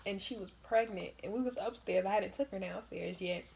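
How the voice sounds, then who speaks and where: A young woman vlogger telling casual stories in an animated way, laughing often and swearing freely. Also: mid-range voice, brisk, gravelly, a little hiss or hum. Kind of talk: casual storytime.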